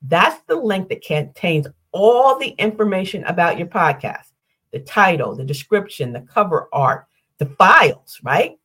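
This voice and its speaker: A woman's voice: lowish voice, lively intonation, a little slow, fairly bright tone, husky. Upbeat older woman hosting a podcast. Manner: upbeat, explanatory, rhetorical questions and lists. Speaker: podcast host. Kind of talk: solo podcast teaching.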